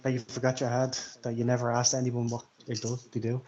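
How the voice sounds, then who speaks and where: A man's voice: mid-range voice, monotone, fairly quick, mellow, highs cut off, slight background noise. A man acting as game master, calling for dice checks and teasing his players. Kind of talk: running a tabletop game.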